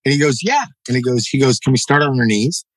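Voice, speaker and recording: Animated male storyteller, lots of "right?". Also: medium pitch, fast talker, no echo, poor audio. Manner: animated, acts out quoted dialogue, frequent "you know" and "right?". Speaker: podcast guest, jiu-jitsu black belt. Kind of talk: casual storytelling interview.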